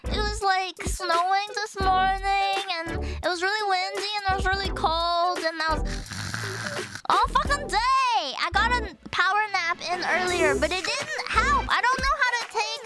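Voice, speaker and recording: A woman's voice: very high-pitched, animated, unhurried. A young woman from Canada chatting on a live stream, sleepy, giggly and swearing as she answers her chat. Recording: loud music playing underneath. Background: loud background music.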